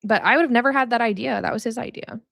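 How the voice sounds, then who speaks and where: A woman's voice: on the high side, racing, creaky, fairly bright tone, no echo, studio quality. A young woman hosting a podcast, teaching about faith in a casual, chatty way, laughing often and filling her talk with "like". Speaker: podcast host.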